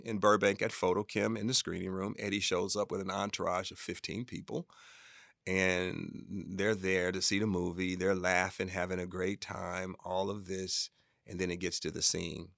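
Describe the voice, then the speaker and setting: A man with a low, gravelly voice recounts stories as a guest on an interview. He is animated and often acts out other people's voices in his telling. The sound is dry and close. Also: normal speed, no room sound. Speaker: film director, guest. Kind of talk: casual interview storytelling.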